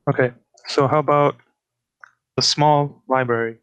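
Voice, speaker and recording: A man's voice: mid-range voice, steady tone, unhurried, a bit bright, clear, resonant tone, no room sound. Hesitant man asking about word order. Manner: hesitant, many fillers, repeats words back. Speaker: fieldwork interviewer. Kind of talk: elicitation session, casual.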